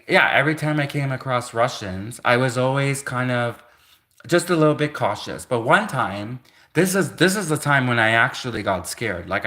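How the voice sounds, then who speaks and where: Bright-voiced man rambling on a livestream. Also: medium pitch. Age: 30s. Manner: rambling, full of "like" and self-corrections, laughs between thoughts. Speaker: livestream host. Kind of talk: rambling casual storytelling.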